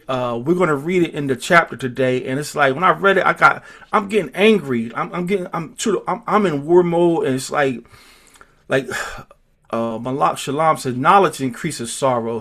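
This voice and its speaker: Guy running a bible study, halting, says things twice, gets fired up. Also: fairly high pitch, a bit bright. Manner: halting, repeats phrases, grows emphatic. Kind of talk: leading an online scripture study.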